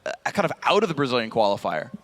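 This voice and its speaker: A man's voice: medium pitch, sing-song, very fast, fairly bright tone. A man co-casting an esports match in a casual, joking, conversational way. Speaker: esports caster. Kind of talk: color commentary. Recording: faint music behind.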